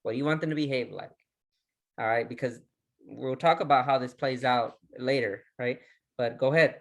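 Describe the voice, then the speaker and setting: A man teaching a recorded goal-setting lesson, full of energy. He fires off question after question, often restarting his words. His voice sits at a middle pitch. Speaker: resilience trainer.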